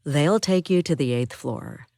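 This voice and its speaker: A calm nurse soothing a patient after surgery, as a woman narrator reads her. Her voice is low and gentle, and she speaks at an unhurried pace. The sound is close and dry. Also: dry recording. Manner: soothing, reassuring.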